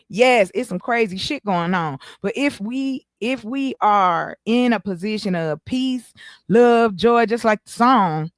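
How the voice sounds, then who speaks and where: Animated joking woman hosting a stream. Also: on the high side, dry recording. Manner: animated, joking, swears casually. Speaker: stream host. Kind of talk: casual chat.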